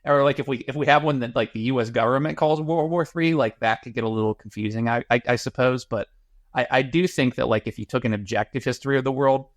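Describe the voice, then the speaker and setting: A man co-hosting a podcast in casual discussion, halting and repeating words as he works out his thoughts. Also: medium pitch, dry recording. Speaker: podcast co-host.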